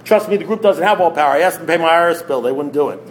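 A man's voice: a little high, rapid-fire, very noisy. A man speaking at a recovery meeting, blunt and preachy, firing off rhetorical questions. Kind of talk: AA meeting talk.

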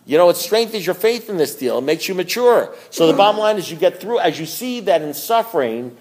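A man speaking at a recovery meeting in a slightly high voice. He tells folksy stories, acts out both sides of his conversations and is blunt and joking. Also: animated, brisk, a little mellow. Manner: blunt, joking, laughs often.

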